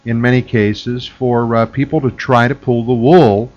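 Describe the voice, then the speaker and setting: A man's voice: mid-range voice, fairly even intonation, a little slow, a little mellow. A man hosting a call-in radio talk show, speaking emphatically and taking callers. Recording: dull lo-fi radio broadcast.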